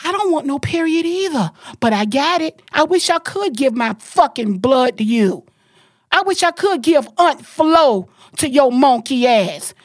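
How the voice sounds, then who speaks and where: A middle-aged woman from Florida hosts a podcast and rants in a furious, profane torrent. Her voice sits a bit high for a woman and sounds close and dry, with no room around it. She hammers every point home. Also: animated, unhurried, dry recording. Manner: angry, profane, emphatic ranting. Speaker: podcast host. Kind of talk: heated podcast rant.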